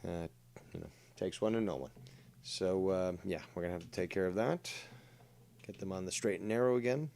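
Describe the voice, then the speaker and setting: Low-voiced profane man streaming a game. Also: brisk, vocal fry, darkish tone. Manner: crude, sarcastic, thinking aloud with frequent fillers. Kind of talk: live gaming commentary.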